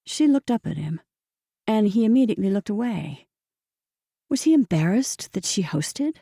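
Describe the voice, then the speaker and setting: A woman narrating an audiobook in a measured, steady storytelling manner, recorded close on a studio mic. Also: mid-range voice, creaky, no room sound.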